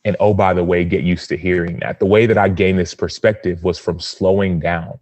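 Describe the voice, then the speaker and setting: Podcast guest, thirties, male: deep, earnest, lively storyteller, dry recording. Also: moderate pace, dry recording. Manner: earnest, animated storytelling with acted-out quotes. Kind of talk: personal storytelling.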